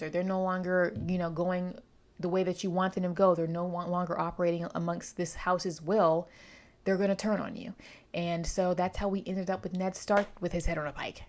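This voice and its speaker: A woman giving a chatty, digressive book review in a casual vlog. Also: lowish voice.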